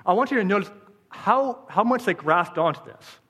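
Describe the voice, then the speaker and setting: A man delivers a sermon to his congregation, his voice pitched a touch high. He leans on rhetorical questions and repeated phrases to drive each point home. The sound rings with a long reverb, as in a church hall. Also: expressive, a little slow, bright, forceful tone. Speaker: pastor.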